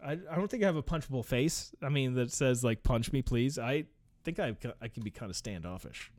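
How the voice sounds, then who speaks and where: A man's voice: mid-range voice, animated, brisk, a little mellow, dry recording. A young man casually reading an article aloud and breaking off into rambling, profane asides with frequent laughter.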